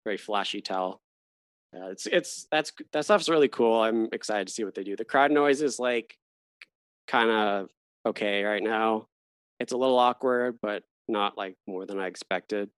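A man hosting a casual sports podcast, chatty and quick to laugh, often trailing off mid-thought. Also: lowish voice, clean tone, no echo. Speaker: podcast host. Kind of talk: casual chat.

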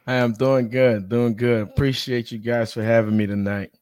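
A man's voice: mid-range voice, steady tone, moderate pace, darkish tone, clear, resonant tone, dry recording, clean studio sound. A man appearing as a sports agent guest on a podcast, explaining things steadily. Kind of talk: podcast interview.

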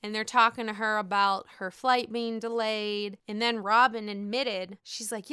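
A woman casually recapping a reality show, animated and profane, acting out the people she talks about. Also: medium pitch, moderate pace, clean tone, dry recording, clean studio sound. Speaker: recap podcast host.

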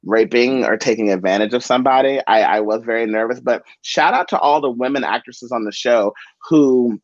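A man co-hosting a podcast, chatting casually about soap operas in animated, emphatic bursts. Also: mid-range voice, a little fast, dry recording, lo-fi sound. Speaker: podcast co-host.

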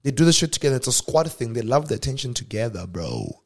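A young man with a South African accent spins a casual personal tale as a podcast host. His voice sits at an ordinary middle pitch. His delivery is animated, dropping to hushed asides and then jumping to loud exclamations. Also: quick pace. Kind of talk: casual storytelling monologue.

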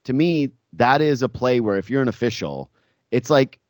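A man co-hosting a sports podcast, rambling and animated with many filler words in casual chat. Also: medium pitch, moderate pace, dry recording, studio quality.

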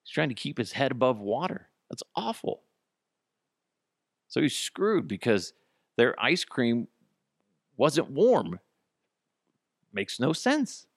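A man's voice: mid-range voice, sing-song, takes it slowly, long pauses, dry recording. Guy ranting on his comedy podcast, cursing a lot, voice bouncing all over, super dry close mic. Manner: profane, sarcastic, acts out both sides of a dialogue. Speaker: podcast host. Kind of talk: comedic solo podcast rant.

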